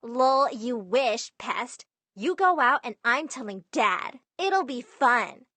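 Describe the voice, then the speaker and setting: A woman voicing a snotty teenage sister in an animated story, taunting and sneering. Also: on the high side, slow pace, dry recording, heavily acted.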